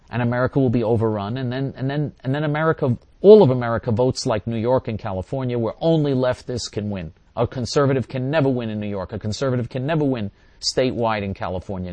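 A man's voice: medium pitch, a little mellow, no room sound. An older man hosting a talk radio show, answering listeners in an emphatic, repetitive monologue. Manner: emphatic and repetitive, hammering points again and again.

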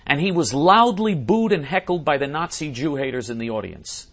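A man with a somewhat high voice delivers a ranting commentary monologue. He hammers his points home, repeats and restarts phrases, and clears his throat now and then. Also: lively intonation, normal speed. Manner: emphatic and repetitive, often clears throat. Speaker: political commentator.

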